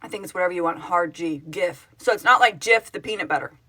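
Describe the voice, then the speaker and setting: A middle-aged woman from Oklahoma talks into her phone on a home live stream, answering viewer comments as they come. Her voice is bright and clear, and she rambles and corrects herself in an easy, chatty way. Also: mid-range voice, racing. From Oklahoma, United States. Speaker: livestream host, project founder. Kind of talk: casual live-stream chat reading comments.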